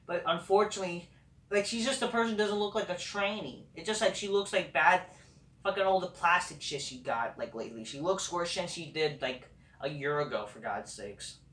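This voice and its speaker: A man's voice: sits high, fairly quick, a bit bright. A man hosting a casual review show, ranting in a sarcastic, profane, dismissive way. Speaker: host. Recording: roomy echo, far from the mic.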